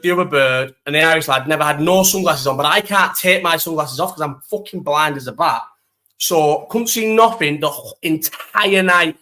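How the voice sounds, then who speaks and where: Bright-voiced young man chatting. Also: fairly high pitch. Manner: animated, swears freely, talks to live chat. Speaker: live stream host. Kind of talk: casual storytelling chat.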